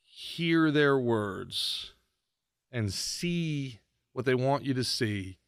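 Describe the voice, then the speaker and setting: A man hosting his own podcast, ranting sarcastically about politics in a mocking, animated way. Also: medium pitch, extremely slow, no room sound, clean studio sound. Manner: sarcastic, mocking, animated rant with shouted impressions. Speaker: podcast host.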